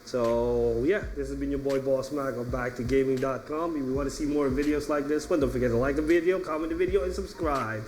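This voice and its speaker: A man hosting his own channel, reviewing an artbook in a casual, halting ramble full of restarts, an earnest fan. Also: mid-range voice, steady tone, a little mellow, slight background noise, low-quality recording. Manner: earnest fan, laughs now and then. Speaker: channel host. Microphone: top-down camera setup.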